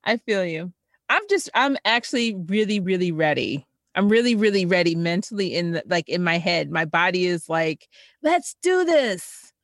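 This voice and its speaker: A woman co-hosting a casual chat, chatty and animated, her voice jumping up when she stresses a point. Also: moderate pace, no room sound, studio quality. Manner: animated, chatty, jumps in pitch when emphatic.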